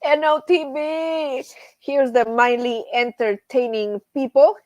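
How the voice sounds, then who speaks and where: Woman, middle-aged, livestream host, chatty and laughing, somewhat high voice, dry close sound. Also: steady tone, takes it slowly, dry recording. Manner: chatty, laughs often, reads out chat names. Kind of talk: casual livestream chat.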